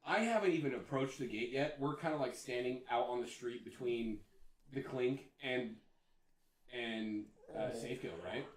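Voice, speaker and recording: A man telling a story in casual chat, animated and profane. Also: mid-range voice, normal speed. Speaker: podcast co-host. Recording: echoey room, away from mic.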